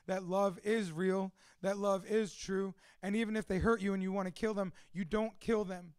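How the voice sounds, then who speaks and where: A man's voice: high voice, fairly bright tone, no room sound, clean studio sound. A man from a Cuban family, a father of two, telling his life story in a candid, profane, emotional monologue. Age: adult with two children.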